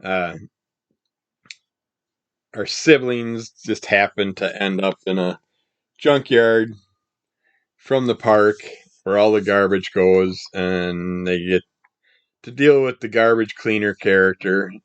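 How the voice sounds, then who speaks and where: A man's voice: fairly low pitch, slow pace, long pauses, clean tone, dry recording, highs cut off. Man, scratchy morning throat, casual rambling comic reviews, resonant voice, dry close sound. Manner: rambling, relaxed, trails off mid-sentence.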